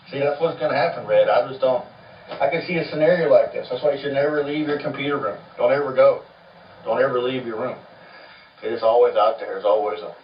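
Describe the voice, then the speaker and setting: Rambling man, distant roomy lo-fi. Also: medium pitch. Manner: meandering, colloquial, full of "you know" fillers. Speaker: folk artist. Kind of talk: rambling storytelling monologue. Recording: dull lo-fi audio, roomy and distant from the mic.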